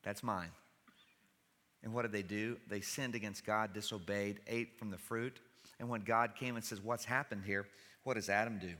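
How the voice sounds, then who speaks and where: Bright-voiced man preaching in a reverberant church. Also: lowish voice, steady tone, moderate pace. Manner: conversational preaching with wry humor. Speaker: pastor. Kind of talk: sermon. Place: church sanctuary.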